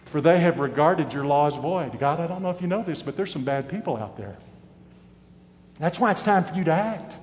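A high-pitched man preaching with strong emphasis, his delivery swinging between loud peaks and hushed stretches. His voice rings with the long reverb of a large hall. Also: expressive, moderate pace. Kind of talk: sermon.

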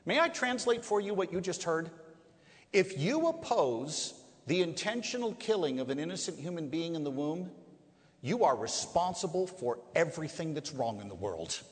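A man preaching from the front of a large hall, his voice sitting fairly high and swinging widely in pitch. He presses each point hard, poses rhetorical questions and draws out key words. The long reverb of the room trails every phrase. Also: sing-song, moderate pace. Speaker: pro-life speaker. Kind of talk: preaching to a live audience.

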